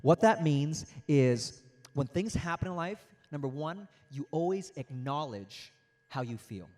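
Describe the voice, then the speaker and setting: An animated young man delivering a motivational talk to young people. His voice sits a little high for a man, and he speaks with lively, storytelling energy, drawing the audience in with questions. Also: a little slow. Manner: animated, interactive, storytelling with acted-out quotes.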